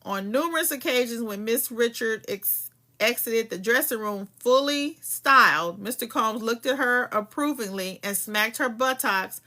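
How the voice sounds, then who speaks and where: A woman's voice: fairly high pitch, expressive, a little slow, sharp tone. A woman hosting a podcast, reading a legal filing aloud and breaking off into profane, heated commentary. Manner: profane, heated, emphatic asides between read passages.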